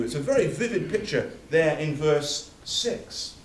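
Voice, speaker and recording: Man, preacher, sermon, emphatic, lively intonation, distant mic, reverberant hall. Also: on the high side, measured pace, few pauses, a little hiss or hum. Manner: emphatic, builds through repeated phrases. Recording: echoey hall from far off.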